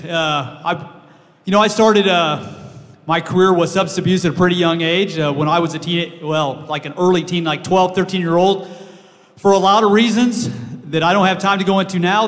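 A man giving a personal testimony in a halting way, with many pauses and restarts. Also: sits high. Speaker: guest speaker sharing testimony. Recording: hall with long reverb.

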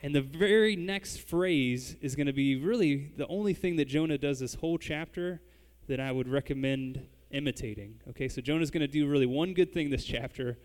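A man's voice: on the high side, normal speed, hardly any pauses, a little mellow, clean tone, in a large hall. A man preaching a sermon, speaking conversationally and addressing the congregation directly. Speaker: pastor.

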